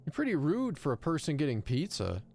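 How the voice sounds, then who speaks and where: A man's voice: on the high side, huge pitch swings, fairly quick, vocal fry, darkish tone, a little hiss or hum. A man streaming a horror game live, chatting and mocking the player character with casual swearing. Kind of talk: live gameplay commentary.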